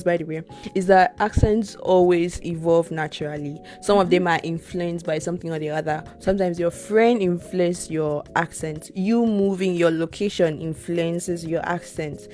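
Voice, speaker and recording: A young Nigerian-accented woman with a lowish voice talks through ideas in an easy, reflective way, doubling words for emphasis. Faint music runs under her. She sounds like a podcast co-host chatting with a friend. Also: normal speed, a little mellow. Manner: reflective, repeats words for emphasis, laughs often. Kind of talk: casual chat.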